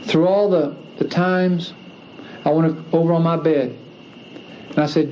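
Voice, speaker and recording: A man's voice: on the high side, steady tone, unhurried, pauses often, mellow. Earnest man giving testimony, lo-fi archive. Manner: earnest, emphatic, repeats phrases for stress. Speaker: speaker giving a religious testimony. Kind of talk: personal testimony speech. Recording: dull lo-fi archive recording with faint hiss.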